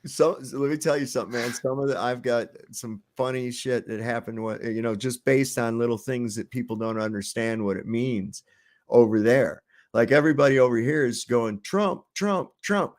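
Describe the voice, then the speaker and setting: A man's voice: medium pitch, steady tone, normal speed, a little mellow. A man casually telling stories with swearing, on a video call. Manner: swearing, chatty storyteller. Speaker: debater.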